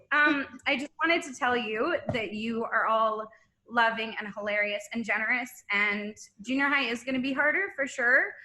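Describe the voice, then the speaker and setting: A woman's voice: on the high side, sharp tone. A woman teacher giving an emotional farewell speech on a video call, laughing through tears and choking up.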